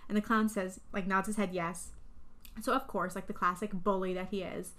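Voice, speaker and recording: A woman's voice: medium pitch, fairly even intonation, fairly quick. A young woman co-hosting a podcast, chatting casually and animatedly, swearing and acting out scenes in voices. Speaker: podcast co-host. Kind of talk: casual chat recapping a film.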